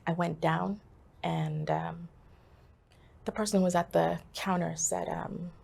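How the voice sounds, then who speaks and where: A woman telling a personal story as an interview guest, halting and full of pauses and fillers. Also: lowish voice, fairly even intonation, creaky, a little mellow, slightly rough. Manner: halting, with many fillers and restarts.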